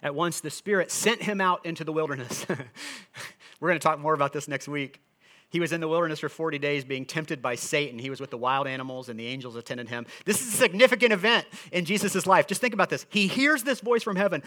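Bright-voiced man preaching a conversational sermon. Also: a little high, expressive, brisk. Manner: earnest, conversational preaching with frequent restarts. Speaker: pastor.

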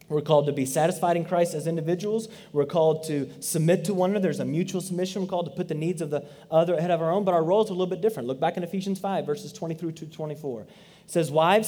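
A man's voice: fairly high pitch, warm tone. A man in his thirties preaching a sermon, earnest and conversational, with frequent asides to the congregation. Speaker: pastor.

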